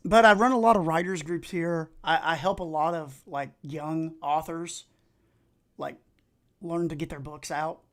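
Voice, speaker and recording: A middle-aged man with an Appalachian accent, chatting casually and excitably while streaming video games and telling rambling stories. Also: on the high side, unhurried. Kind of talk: casual live-stream chat while gaming.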